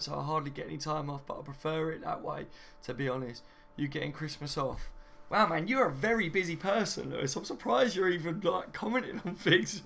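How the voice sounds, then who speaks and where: A man's voice: fairly high pitch, fairly bright tone. A young man hosting a casual live stream from home, reading viewer comments and laughing often. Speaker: fan channel host.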